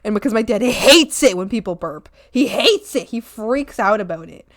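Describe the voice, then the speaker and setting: A young woman talks to her stream chat from home, rambling through stories with plenty of ums and giggles. Her voice swings widely, leaping into high squeals when she gets excited. The sound is dry and close, with no room around it. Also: moderate pace, dry recording. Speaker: art streamer. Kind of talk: casual chat while reading chat. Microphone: desk mic at a streaming setup.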